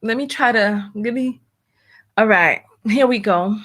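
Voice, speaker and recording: A woman's voice: medium pitch, measured pace, a bit bright. A woman hosting a live-stream talk show, reading out donations with a sassy, teasing, playfully scolding manner. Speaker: host.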